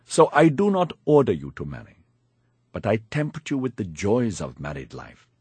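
A man's voice: fairly low pitch, huge pitch swings, moderate pace, darkish tone, slightly rough, no echo, exaggerated voice. A man reading as a bossy old village granny. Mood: coaxing. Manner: bossy, coaxing, matter-of-fact. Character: scheming old village grandmother writing home.

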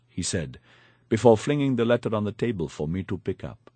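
A man's voice: on the low side, very animated, brisk, warm tone, breathy edge, dry recording. A man narrating a first-person audiobook in a wry, confiding storytelling manner, on a close studio mic.

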